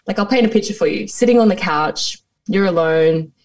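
Lower-voiced woman guest, off mic. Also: brisk, darkish tone, recorded from a distance. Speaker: podcast guest. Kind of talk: casual chat.

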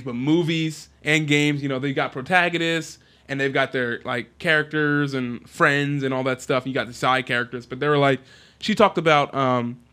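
A man co-hosting a podcast, chatting casually and excitedly about video games, rambling with lots of fillers. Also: a little high. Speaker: podcast co-host.

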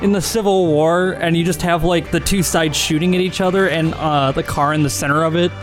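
Male podcaster, a bit high, halting delivery, faint music behind. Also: fairly even intonation. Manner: hesitant, filler-heavy storytelling. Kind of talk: casual chat, riffing jokes.

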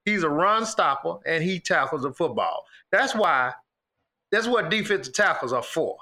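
High, bright-voiced man debating sports. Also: animated, moderate pace. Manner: laid-back, insistent, says "man" often. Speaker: podcast co-host.

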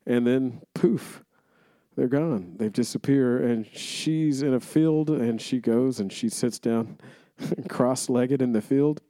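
A man co-hosting a podcast, relaxed, chiming in to fill in details of a movie's plot. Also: medium pitch, slow, dry recording. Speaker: podcast co-host. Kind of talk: casual chat.

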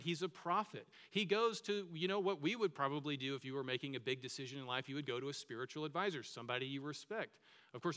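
A man's voice: on the high side, a bit bright, in a large hall. A man preaching a sermon as pastor, talking conversationally and asking the listeners many questions.

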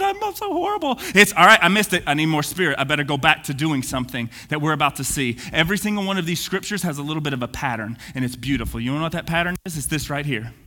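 A man preaching an energetic sermon, swinging from booming to hushed. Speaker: pastor. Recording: long reverb of a church hall.

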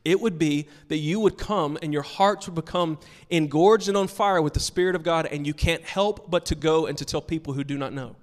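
Male pastor, slightly high voice, emphatic sermon delivery, long church-hall reverb. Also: fairly quick, hardly any pauses. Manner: emphatic, earnest preaching with storytelling asides. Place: church sanctuary with a congregation.

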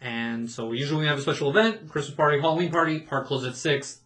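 A man in his thirties, a podcast co-host, telling stories in a casual, animated way, laughing often and acting out what people said. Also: a little high, fast talker. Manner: animated, laughing storyteller who acts out quotes. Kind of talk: casual storytelling chat.

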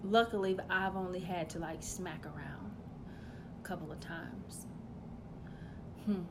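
A woman delivering a profane comedic rant, loud and blunt, swinging between shouting and muttering asides. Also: on the low side, unhurried, pauses often, noisy background.

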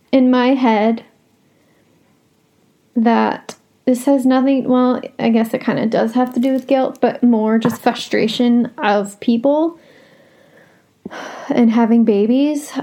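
A woman's voice: a little high, mellow. A young woman hosting a solo podcast, talking casually and bluntly, swearing freely as she vents. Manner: blunt, frank and swears a lot. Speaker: podcast host.

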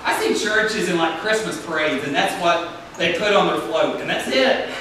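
Bright high-voiced pastor preaching. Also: male voice, moderate pace, a little hiss or hum. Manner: preaching with call-and-response from the congregation. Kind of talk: sermon. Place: church sanctuary. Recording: echoey hall, picked up from a distance.

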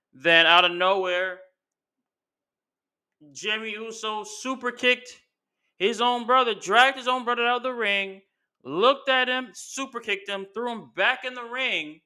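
A man casually recapping a wrestling show, animated and slangy, acting out what the wrestlers said. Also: fairly high pitch, clear, resonant tone. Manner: animated, acts out quotes with slang. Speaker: wrestling commentary vlogger.

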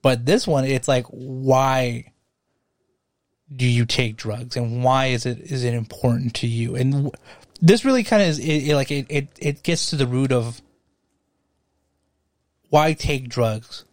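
A man's voice: medium pitch, unhurried, long pauses, a little mellow, dry recording. A man co-hosting a casual movie podcast, rambling through his thoughts with many fillers and restarts. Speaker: podcast co-host.

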